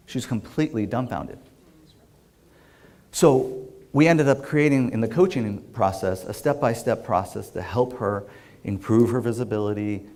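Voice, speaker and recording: A man's voice: on the low side, darkish tone. A middle-aged man, an executive coach, telling a client story to an audience and acting out the quoted lines with energy.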